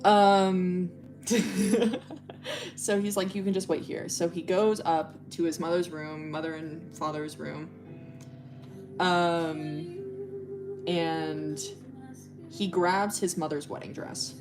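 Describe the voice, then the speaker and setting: Rambling, low-voiced woman streamer. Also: fairly even intonation, extremely slow, long pauses, over music. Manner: rambling and profane, heavy fillers. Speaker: livestreamer. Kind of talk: casual storytelling while drawing.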